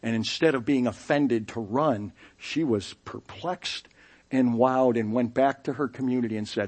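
A middle-aged man preaching a sermon as pastor, telling stories in an animated way and acting out the people he quotes. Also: medium pitch, unhurried. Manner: animated storytelling, acting out quoted voices with laughs.

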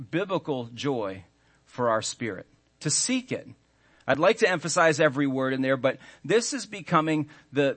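A man in his thirties, a pastor preaching a sermon earnestly, stressing key words and slowing down when he reads scripture. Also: a little high, a bit bright.

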